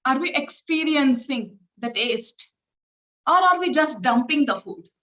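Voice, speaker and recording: Slow, gentle woman teacher. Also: sits high, animated, low-quality recording. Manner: gentle, repeated rhetorical questions. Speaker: spiritual teacher. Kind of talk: guided reflection talk.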